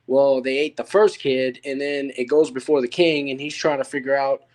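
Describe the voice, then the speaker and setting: A man's voice: mid-range voice, little pitch movement, normal speed, darkish tone. A man in a casual panel discussion, telling a story in a rambling way with fillers and restarts. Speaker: panel participant. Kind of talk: casual chat.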